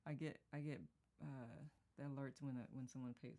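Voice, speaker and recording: A woman's voice: extremely low pitch, fairly even intonation, a little fast, mellow. A woman hosting a spiritual study group live, reading comments and thanking viewers by name, effusive and laughing often.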